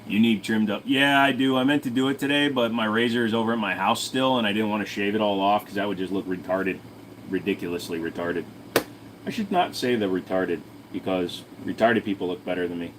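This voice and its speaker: A man's voice: fairly low pitch, a little fast, slight background noise. A man hosting his own channel, answering viewer questions in a rambling, crude, joking way. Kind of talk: casual livestream Q&A chat.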